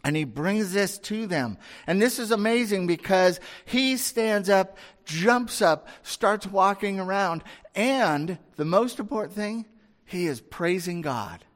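A man preaching a sermon in a relaxed, conversational way, often tossing out rhetorical questions. His voice sits fairly high. A long reverb trails each phrase. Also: slow.

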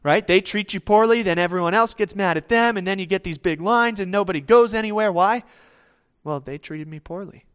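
A man's voice: high voice, a little fast, a bit bright, clear, resonant tone. A man preaching a sermon in a conversational way, acting out the voices of people he quotes.

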